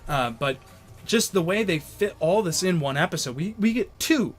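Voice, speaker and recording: A man's voice: high voice, lively intonation, moderate pace, faint music behind. A young man giving casual, enthusiastic video commentary as an anime reviewer, rambling with many fillers and restarts.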